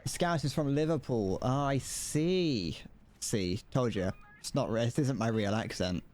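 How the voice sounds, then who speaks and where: A man's voice: medium pitch, lively intonation, measured pace, darkish tone, a little hiss or hum. A British man streaming a video game, chatting casually and rambling with jokes. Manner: joking and rambling. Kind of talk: casual live-stream chat.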